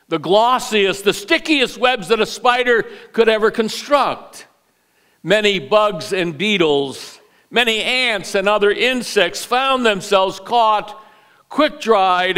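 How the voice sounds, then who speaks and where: A male pastor preaching an Easter sermon, telling a story with lively delivery and playful acted-out voices. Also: high voice, clear, resonant tone. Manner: animated storyteller, acts out voices. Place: church sanctuary.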